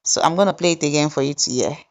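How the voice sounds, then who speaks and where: A woman hosting a software tutorial, explaining each step deliberately and pausing with fillers as she goes. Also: sits low. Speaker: tutorial host. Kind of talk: screen-recorded software tutorial narration.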